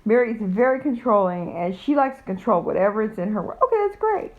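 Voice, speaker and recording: A woman's voice: mid-range voice, big pitch swings, brisk, narrow, tinny audio. A middle-aged woman telling a personal story in a blunt, profane, rambling way, full of fillers. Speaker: vlogger. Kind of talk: casual storytelling.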